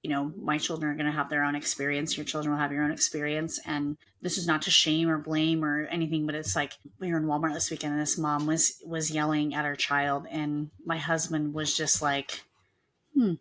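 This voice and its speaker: A woman's voice: low-pitched, flat delivery, a little fast, fairly bright tone. A woman hosting a podcast from home, chatting casually and animatedly acting out quoted voices. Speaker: podcast host. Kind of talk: casual conversational interview. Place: at home, with children and a dog nearby.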